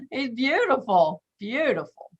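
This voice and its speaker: A woman's voice: high-pitched, fairly bright tone, slightly rough, dull audio. A woman, a stage actor, chatting upbeat and giggly on a video call. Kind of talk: casual video call chat.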